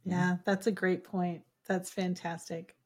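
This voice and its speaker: A woman's voice: fairly low pitch, level tone, a little slow, a little mellow, husky. A woman from Minnesota with a Minnesotan accent, interviewing a guest and affirming his ideas encouragingly. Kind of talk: interview conversation.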